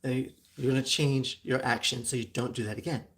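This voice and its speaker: A woman from Southern California hosting a casual solo talk, chatty and full of ums with frequent giggles, her voice phlegmy with throat-clearing. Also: very deep voice, fairly even intonation, a little fast. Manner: chatty, many ums and likes, giggles often. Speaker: show host.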